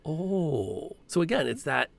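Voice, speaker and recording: A man's voice: medium pitch, lively intonation, normal speed, gravelly, fairly bright tone. A man co-hosting a casual live-streamed chat, speaking in an earnest, reflective way as he sums up advice. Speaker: podcast co-host.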